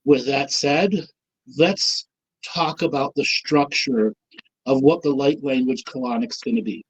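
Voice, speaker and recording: A man co-hosting an online talk show, leading a slow, calm guided meditation with soothing instructions. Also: medium pitch, slightly rough, muffled recording. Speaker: co-host leading a guided session.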